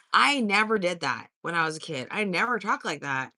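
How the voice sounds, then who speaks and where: A woman's voice: on the low side, very animated, brisk, few pauses, pushed and bright, no echo, studio quality. Blunt, foul-mouthed woman in her fifties. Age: 50s. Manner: blunt, profane and sassy. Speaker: livestream host. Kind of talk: casual live-stream chat, answering viewer comments.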